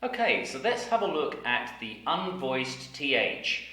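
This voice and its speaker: A man gives a pronunciation lesson at an unhurried pace, stretching out each word with careful articulation. His voice is bright and lively in pitch. It rings in a very echoey room. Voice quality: deliberate, over-articulated delivery. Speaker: English pronunciation teacher. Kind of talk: slow, careful teaching with repeated example words.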